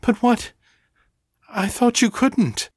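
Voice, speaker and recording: A man's voice: on the high side, lively intonation, slow pace, breathy edge, no room sound, studio quality, voice pushed up, heavily acted. A man reading a young woman's lines in a raised voice, urgent, shaky and stammering. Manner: breathless, stammering.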